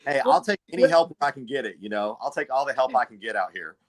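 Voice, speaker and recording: Man, mid-pitched voice, encouraging, upbeat, casual host chat. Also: animated, fast. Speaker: host, actor.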